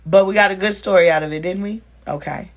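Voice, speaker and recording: A woman's voice: mid-range voice, fast, dull audio. A woman hosting a casual livestream, talking frankly and with lots of energy, cursing freely and reading viewer comments aloud as she answers them. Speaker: live-stream host chatting with viewers. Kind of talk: casual live-stream chat.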